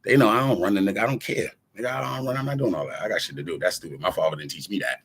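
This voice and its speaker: Low gravelly man rambling in slang. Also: very fast. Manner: rambling, profane street slang, acts out quoted voices; animated, jumps between topics. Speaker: rapper talking to camera. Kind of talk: casual rambling monologue.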